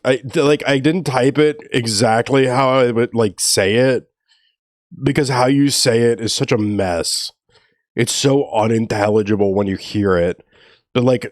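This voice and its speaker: A man's voice: mid-range voice, no echo, clean studio sound. A man from New Orleans chatting casually on a stream, rambling and laughing often as he tells stories. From New Orleans, Louisiana. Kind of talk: casual chat.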